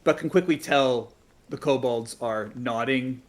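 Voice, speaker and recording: A man playing a tabletop game, speaking softly as his character in polite, trailing phrases. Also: mid-range voice, a little slow. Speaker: player. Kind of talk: casual tabletop role-play.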